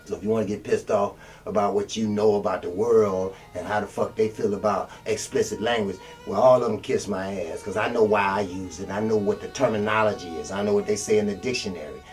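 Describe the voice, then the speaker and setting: A man preaching bluntly with heavy swearing, jumping from loud peaks down to low mutters. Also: fairly even intonation, a little fast, few pauses, recorded from a distance, faint music behind. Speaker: street preacher. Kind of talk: profane motivational sermon.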